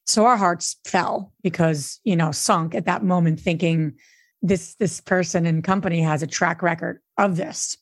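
Speaking at a normal speed with fairly even intonation, this middle-aged woman has a voice on the low side. She co-hosts a podcast, invests in real estate, and shares a candid, at times emotional story in a relaxed chat. The sound is dry and studio-clean.

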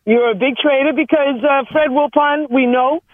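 A woman calls a sports radio show and scolds the hosts in a playful way. Her voice sits high and comes over a tinny phone line. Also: steady tone, normal speed, no echo. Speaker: caller. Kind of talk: radio call-in.

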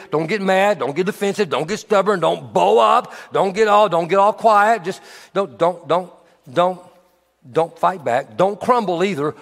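Man preaching in a reverberant hall. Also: fairly high pitch. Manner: animated, swings from hushed to emphatic. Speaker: pastor. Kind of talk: sermon.

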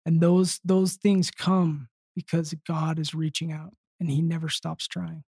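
Earnest, halting man with a dry sound. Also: on the high side, flat delivery, vocal fry, a little mellow, breathy edge, no echo. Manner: earnest, halting storytelling with many restarts. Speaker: podcast guest. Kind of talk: casual conversation.

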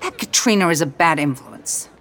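A woman's voice: deep voice, animated, normal speed, a bit bright, a faint crowd. A woman narrator voicing an eager, chatty young woman who is romantic and stubborn. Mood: curious.

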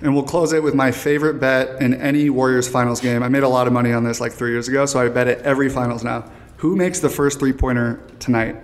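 A man's voice: medium pitch, fairly even intonation. Man, podcast host, upbeat joking manner, reverberant hall sound. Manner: upbeat, quick to joke about bets. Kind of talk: casual podcast chat.

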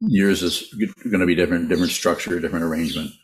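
A man teaching meditation and answering listener questions, halting often and repeating words, with frequent laughs. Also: sits low, fairly even intonation, a little hiss or hum.

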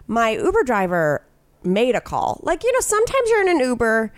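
Woman co-host, bright and high, very lively storyteller with a loose mouth. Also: normal speed, no echo. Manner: animated, swears freely, acts out other people's lines. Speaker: podcast co-host. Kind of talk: casual storytelling chat.

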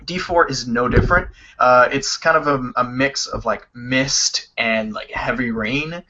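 A man co-hosting a casual video game chat, telling stories quickly with lots of swearing. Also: medium pitch, noisy background. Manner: animated, profane, quick storytelling. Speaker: podcast co-host. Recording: dull lo-fi sound.

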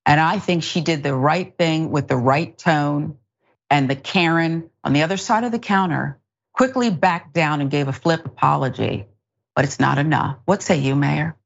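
A woman's voice: sits low, normal speed, gravelly, lo-fi sound. A woman hosting a news talk show, giving indignant, emphatic commentary on video clips. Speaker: host.

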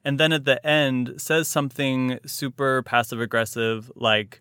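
Bright, crisp man hosting a podcast. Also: medium pitch, level tone, unhurried, no room sound, clean studio sound. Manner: playful, laughs often, acts out quotes. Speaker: podcast host. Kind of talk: casual chat.

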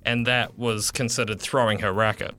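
Nz guy doing radio sports news, lowish voice, lots of ums and restarts. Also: level tone, normal speed, bright, forceful tone, faint music behind. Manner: hesitant, many fillers and restarts. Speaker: sports reporter.

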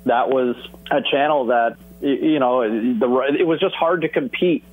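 A man's voice: mid-range voice, unhurried. Canadian sports guy telling a story, middle-aged, sounds like a phone line. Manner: animated, acts out phone dialogue. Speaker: sports broadcaster guest. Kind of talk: casual interview storytelling. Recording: tinny phone-like audio.

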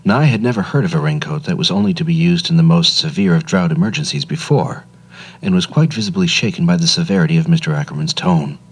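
A man narrating a radio story in a measured, expressive manner. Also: low-pitched, husky. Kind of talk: scripted narration.

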